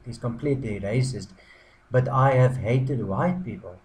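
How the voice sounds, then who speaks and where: A man at a middle pitch delivers a mock apology with bone-dry irony. He talks haltingly, with plenty of ums and false starts. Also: low-quality recording. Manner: deadpan irony, halting with many ums and restarts. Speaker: blogger. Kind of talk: sarcastic mock apology to camera.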